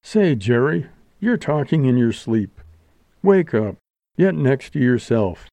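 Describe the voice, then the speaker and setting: A man's voice: medium pitch, very animated, takes it slowly, creaky, warm tone, dry recording, full character voice. A man doing a pompous sulky young actor. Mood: indignant. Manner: slangy, mock-solemn. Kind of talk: audiobook character voice.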